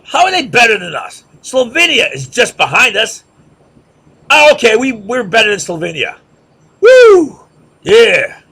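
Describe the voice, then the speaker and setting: Lively, gravelly-voiced man lecturing. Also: high voice. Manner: sarcastic, mocking chants and repeated questions. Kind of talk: rhetorical classroom lecture.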